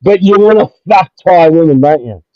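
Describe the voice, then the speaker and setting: Man, profane livestream rant, repetitive, heated, slightly high voice, dull dry lo-fi audio. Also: lively intonation, moderate pace, dry recording. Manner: aggressive, swearing, repetitive, heated. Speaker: livestream host.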